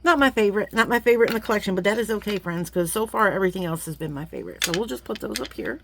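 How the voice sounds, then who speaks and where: A woman, chatting warmly to viewers as she gushes over beads in a casual unboxing vlog. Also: mid-range voice, rapid-fire, slight background noise. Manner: chatty and gushing, talks to viewers as friends; sometimes drops to a playful whisper. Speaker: jewelry-making vlogger.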